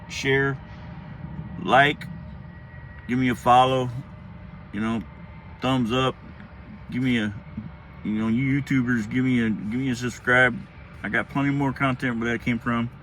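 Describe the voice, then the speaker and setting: A man's voice: mid-range voice, fairly even intonation, a little slow, long pauses, a bit bright. Rambling man telling stories. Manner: rambling, laughing often, acting out quotes. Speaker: vlogger telling a childhood story. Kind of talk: casual storytelling. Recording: faint background noise.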